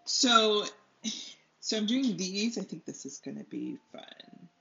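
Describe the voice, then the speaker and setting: A chatty young woman talks casually while she paints. She rambles, laughs often and drifts off topic before catching herself. Her voice sits at an ordinary pitch and sounds a little muffled, as if recorded on modest home gear. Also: very animated, slow pace, gravelly, pushed and bright. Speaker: art tutorial host. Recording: slightly dull lo-fi sound.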